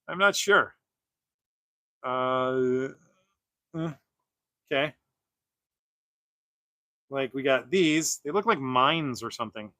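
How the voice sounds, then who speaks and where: Bright-voiced rambling man hosting a livestream. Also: mid-range voice, clear, resonant tone, no room sound. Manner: rambling, many fillers and restarts, laughs often. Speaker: toy collector livestream host. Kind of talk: casual livestream chat while unboxing.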